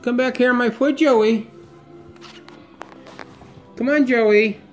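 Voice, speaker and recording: A man coaxing his pet parakeet in a high, sing-song voice. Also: takes it slowly, faint music behind. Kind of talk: talking to a pet bird.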